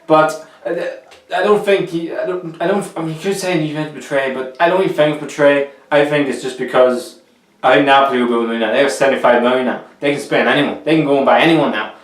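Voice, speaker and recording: A young man talks through football transfers in a loose, opinionated ramble, often restarting his sentences. His voice sits fairly high for a man. The sound is roomy and echoey, picked up from a little way off the mic. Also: fast talker, distant mic. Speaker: football vlogger. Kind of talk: casual football transfer commentary.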